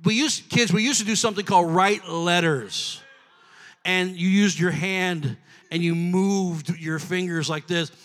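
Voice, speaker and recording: A man preaching a sermon, telling a story and building up to shouted preaching. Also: high-pitched. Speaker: pastor. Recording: echoey hall.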